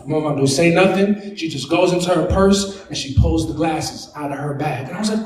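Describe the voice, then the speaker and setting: A young man doing brash, animated stand-up storytelling, swearing freely. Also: on the high side, a little fast, few pauses. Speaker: stand-up comic. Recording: roomy club sound from a distance. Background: laughing crowd.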